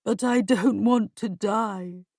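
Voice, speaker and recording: A woman voicing a frightened, self-pitying dying old king who pleads slowly and stammers. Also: mid-range voice, a little mellow, no echo, clean studio sound. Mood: pleading.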